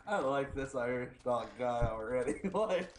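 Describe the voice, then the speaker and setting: A gamer chatting casually on voice chat and laughing a lot. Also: mid-range voice.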